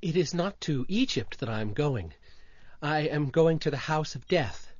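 A woman's voice: sits low, lively intonation, moderate pace, a little mellow, no echo. A woman voicing a devoted, dying little male swallow in a radio drama reading, tender and fading. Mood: tender farewell. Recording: dull lo-fi radio recording.

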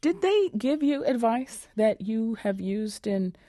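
A woman hosting a radio panel discussion in a studio, with a polished, measured broadcaster's delivery. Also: a little high, sing-song, dark tone, no room sound. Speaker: radio show host. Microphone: studio microphone.

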